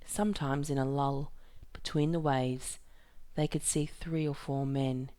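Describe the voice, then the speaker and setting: A woman reading a novel aloud in a measured, even storytelling way. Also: extremely low pitch. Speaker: reader.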